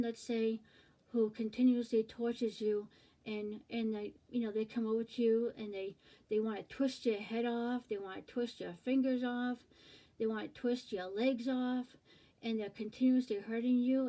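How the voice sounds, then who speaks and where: Woman, informal preaching, earnest, repetitive, mellow voice, fairly high. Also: fairly even intonation, moderate pace, low-quality recording.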